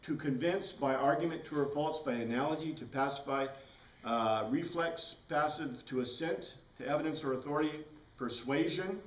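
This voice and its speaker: Male Bible class teacher, fairly high voice, explanatory and keen, recorded from across an echoey classroom. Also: normal speed. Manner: explanatory, spells out words letter by letter, enthusiastic asides. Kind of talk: classroom lecture. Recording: roomy echo, mic far away.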